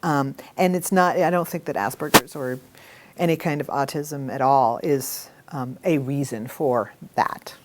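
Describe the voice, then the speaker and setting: A middle-aged woman teaching a communication workshop to a live group, talking in a lively, animated way. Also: rumbling low, unhurried. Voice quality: animated storytelling with acted quotes. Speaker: workshop instructor.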